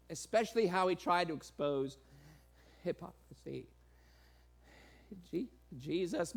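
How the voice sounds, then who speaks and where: Animated high-voiced male preacher. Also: vocal fry. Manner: animated, laughing, sarcastic asides, quoting in raised voice. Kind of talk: sermon.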